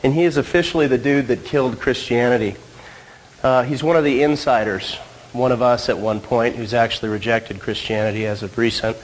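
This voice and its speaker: A man's voice: mid-range voice, fairly even intonation, brisk, slight background noise, low-quality recording. A married man with a cold, giving a casual church talk with joking asides to the audience. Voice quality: slightly husky from a cold. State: getting over a cold. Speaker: church speaker. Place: church hall.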